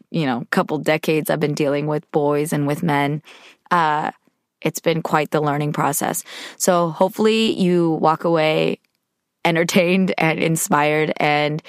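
A woman in her thirties hosting a podcast, talking in a hoarse, tired voice, chatty and candid with lots of fillers. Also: sits low, no echo, studio quality. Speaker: podcast host. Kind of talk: casual podcast monologue.

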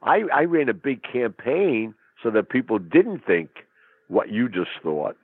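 Man, husky, tough-talking storyteller, dry close sound, narrow phone-like audio. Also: medium pitch, very animated, unhurried, no echo. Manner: tough-talking, dramatic storyteller who acts out quotes. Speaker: interview guest. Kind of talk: storytelling in conversation.

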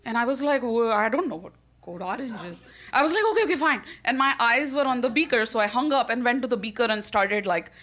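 Indian-accented woman, fairly high voice, lively self-mocking storyteller who laughs a lot. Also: fast talker, few pauses. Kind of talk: live personal storytelling.

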